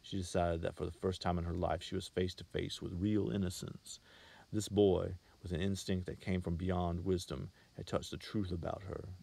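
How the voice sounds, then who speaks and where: Low, gravelly male narrator. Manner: measured, steady reading. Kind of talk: audiobook narration of a short story.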